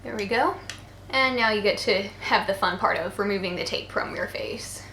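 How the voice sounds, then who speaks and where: Speaking at normal speed in a medium-pitched, sharp voice, this twenty-something woman talks through a makeup tutorial despite being tired from bad sleep. Her casual narration is chatty and playful, full of jokes on the side, recorded with a roomy echo, faint noise, and the faint sound of people talking outside.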